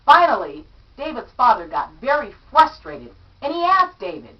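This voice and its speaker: Animated woman reading a children's story. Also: fairly high pitch, normal speed. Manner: animated, acts out character lines. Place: home room among her statues. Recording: distant, dull lo-fi mic.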